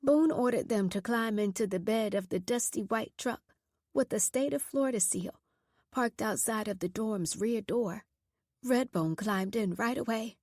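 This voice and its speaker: A woman narrating a horror audiobook in a measured, steady storytelling voice. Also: fairly high pitch, no echo, clean studio sound.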